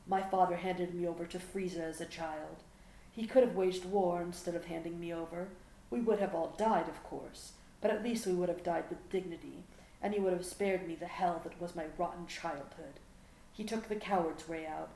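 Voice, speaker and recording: A proud, scornful alien prince growls out cold, clipped lines, put on by a woman reading the story, pitched low and held quiet. The voice rings in an echoey room, with a faint hum underneath. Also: steady tone, normal speed, lightly acted. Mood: cold contempt.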